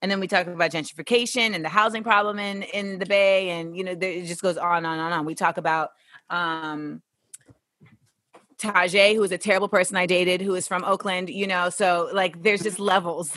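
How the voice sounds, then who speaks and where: Bright, animated woman host. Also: lowish voice, moderate pace, no echo. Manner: animated, laughing, slangy. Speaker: podcast host. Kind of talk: casual interview chat.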